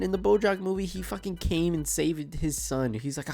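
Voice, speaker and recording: A man's voice: on the high side, expressive, brisk, gravelly, few pauses, warm tone, faint music behind. A sick man with a stuffed nose gives a profane, exasperated gaming rant and keeps asking rhetorical questions. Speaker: gaming commentator. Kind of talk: ranting reaction commentary.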